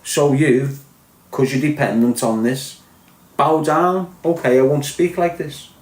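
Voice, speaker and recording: A man's voice: on the high side, steady tone, unhurried, echoey room. A man with a Liverpool accent delivering a blunt, sweary, impassioned podcast rant. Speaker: podcast host. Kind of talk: ranting podcast monologue.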